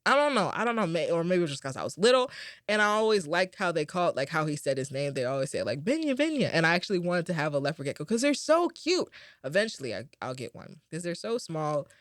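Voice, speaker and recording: A woman's voice: deep voice, sing-song, fast, dry recording, clean studio sound. Tired, rambling young woman podcaster. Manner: rambling and upbeat, with many fillers. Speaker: podcast host. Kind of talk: casual chat.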